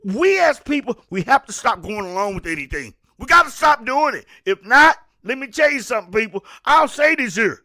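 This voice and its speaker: A fiery man delivers an opinion rant. His voice sits very high and sounds bright and sharp. He stammers, repeats himself and preaches at the listener. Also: very animated, a little fast, hardly any pauses. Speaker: host of a commentary show.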